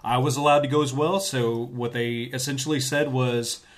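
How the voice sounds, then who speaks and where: A man's voice: mid-range voice, steady tone, normal speed. Joking man hosting a podcast. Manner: joking, mock-formal introductions. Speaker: podcast host. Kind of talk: casual podcast chat.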